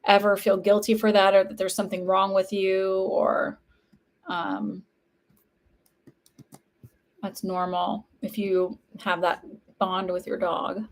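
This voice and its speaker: A woman talking casually on a livestream as a psychic medium, chatty and warm, with lots of "like" fillers. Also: medium pitch, flat delivery, slow pace, long pauses. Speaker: psychic medium hosting live readings.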